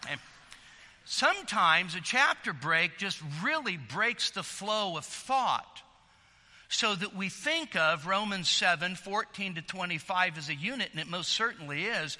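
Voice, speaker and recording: A man's voice: high voice, pushed and bright, big-room sound. A man preaching a sermon in an earnest, emphatic way, often repeating words as he builds a point.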